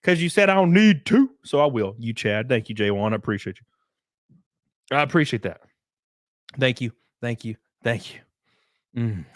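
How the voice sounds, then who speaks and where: Animated, blunt male livestream host. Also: medium pitch, moderate pace, pauses often, no room sound, clean studio sound. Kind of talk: casual livestream chat and rant.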